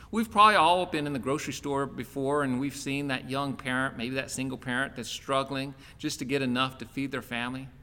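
A man's voice: mid-range voice, pushed and bright. A man preaching a sermon as a pastor, speaking earnestly in a conversational, personal way from a church worship center. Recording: long church-hall reverb.

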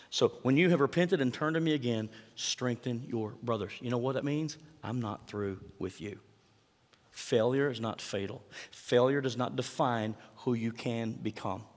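Preaching man, echoing in a hall. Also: mid-range voice. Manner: conversational preaching, asks the congregation questions. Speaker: pastor. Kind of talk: sermon. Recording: long hall reverb.

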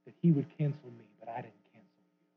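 Preacher, tinny narrow sound. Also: male voice, mid-range voice, fairly even intonation, fast, slightly rough. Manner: dramatic, acting out quotes with big swings from loud to hushed. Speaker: guest preacher. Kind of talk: sermon.

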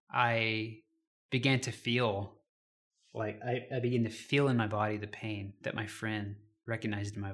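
Gentle reflective male pastor. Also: fairly low pitch. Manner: gentle, reflective, personal storytelling with scripture reading. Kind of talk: devotional sermon.

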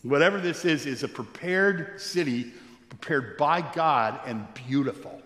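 A man preaching a sermon in a big, echoey church hall, with a long reverb trailing after his words. His voice sits a little high for a man, and it climbs higher still when he gets stirred up. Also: unhurried, fairly bright tone. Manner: expository preaching, rising in pitch when stirred. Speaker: pastor.

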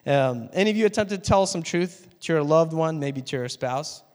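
A man's voice: a little high, expressive, normal speed, a little mellow, big-room sound. A man preaching a sermon in a conversational way, laughing and asking the congregation questions. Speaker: pastor.

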